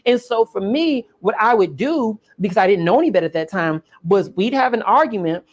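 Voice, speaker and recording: A woman vlogger telling a personal story in a casual, expressive, emphatic way, often turning to the viewer. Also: mid-range voice, a little fast. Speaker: reaction channel host.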